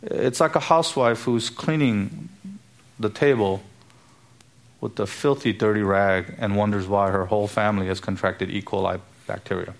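A man's voice: fairly low pitch, moderate pace, gravelly. A man preaching a sermon to his church, emphatic and full of rhetorical questions. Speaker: pastor.

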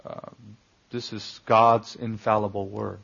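A pastor delivers a sermon slowly in a gravelly, husky, fairly low voice with little pitch movement, stressing key words and posing sharp rhetorical questions to his congregation. The lo-fi recording is dull yet a bit bright.

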